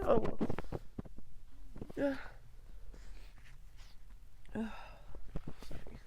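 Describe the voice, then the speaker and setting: A woman's voice: on the high side, slow pace, gravelly, long pauses, warm tone, lo-fi sound. A young adult woman reading a novel aloud, chatty and sassy in her asides, sick and losing her voice. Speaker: book reader. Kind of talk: casual read-aloud with commentary.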